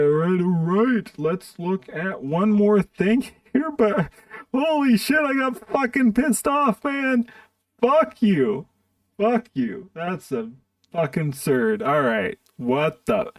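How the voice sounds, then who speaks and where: Guy on a stream swearing a lot and ranting, kinda high voice, gravelly, dry mic a bit far off. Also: no echo. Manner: profane, exasperated ranting. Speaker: livestreamer reacting to videos. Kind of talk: casual stream commentary.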